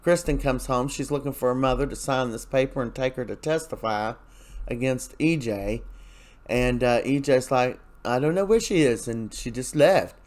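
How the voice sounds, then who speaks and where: Man, soap recap host, chatty, rambling, lots of ums, mid-pitched voice. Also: normal speed. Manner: chatty, rambling, with many fillers and quoted lines. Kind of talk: casual spoken recap.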